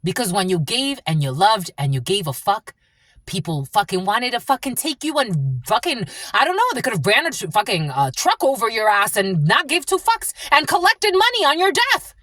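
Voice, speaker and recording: A woman's voice: a little high, big pitch swings, normal speed, a bit bright, no echo, studio quality. A woman giving a tarot reading who swears often and repeats herself bluntly. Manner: profane, blunt and repetitive. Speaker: tarot reader. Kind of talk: angry spiritual tarot reading.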